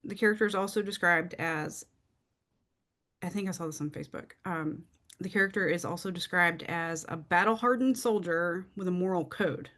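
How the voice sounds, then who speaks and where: A woman interviewer asking questions in a measured way, drawing on notes. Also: lowish voice, fairly bright tone.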